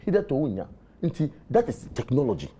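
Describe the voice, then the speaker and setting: A man's voice: medium pitch, big pitch swings, fairly quick, dark tone, slightly rough. A Ghanaian man on a TV panel, debating heatedly and mixing English with Twi, talking over the others. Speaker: political party panelist. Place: TV studio.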